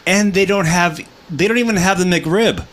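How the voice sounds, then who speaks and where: A man's voice: sits high, moderate pace, fairly bright tone. A man co-hosting a live internet show, talking in loose, profane, jokey banter. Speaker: podcast co-host.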